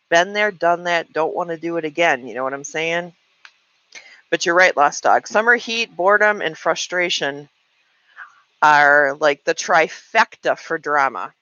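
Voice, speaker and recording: A woman's voice: low voice, lively intonation, a little slow, sharp tone, dry recording, lo-fi sound. A woman in her late forties chatting frankly to her live-stream viewers, venting and answering comments. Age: 40s. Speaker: livestream host. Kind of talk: casual live-stream chat.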